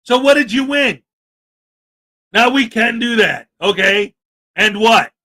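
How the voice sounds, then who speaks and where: A man's voice: extremely high pitch, lively intonation, takes it slowly, pushed and bright. A man hosting a livestream, talking in an indignant, emphatic rant and reading out chat. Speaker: livestream host. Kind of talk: livestream commentary.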